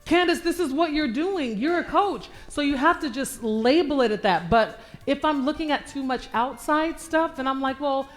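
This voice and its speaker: A woman's voice: high voice, moderate pace, hardly any pauses, soft background music. A woman business coach answering questions at a church event, acting out her prayers and repeating phrases for emphasis. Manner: animated, acts out her own prayers and inner dialogue. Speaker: guest speaker, business coach. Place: church sanctuary, live stream.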